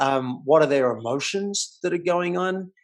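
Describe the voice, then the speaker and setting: A male coach guesting on a podcast, telling a story with lively swings in his voice. He talks in a vivid, animated way, quickening and slowing as he goes. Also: fairly high pitch. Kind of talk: casual interview storytelling. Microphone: remote call.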